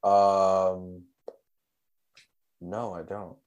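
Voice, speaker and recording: Slow, deep-voiced male co-host. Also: level tone, darkish tone. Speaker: podcast co-host. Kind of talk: casual chat.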